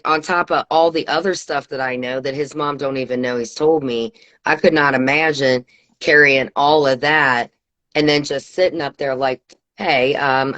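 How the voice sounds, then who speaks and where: A woman chatting casually as host, rambling through an animated, gossipy story. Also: rumbling low, dry recording.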